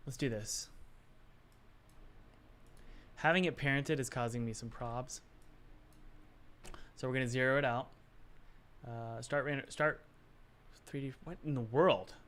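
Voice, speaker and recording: Male game dev, mid-pitch, muttering self-talk while working, confused asides. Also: measured pace, long pauses, a bit bright. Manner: muttering to himself, puzzled, self-talk with sighs. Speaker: game developer. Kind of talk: thinking aloud while working.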